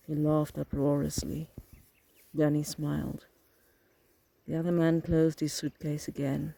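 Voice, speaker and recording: A man narrating an audiobook in a steady, flat reading with a gravelly rasp. His voice sits somewhat high but sounds dark and mellow, recorded dry and close with no room sound. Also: unhurried, pauses often, dry recording, low-quality recording. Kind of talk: scripted narration.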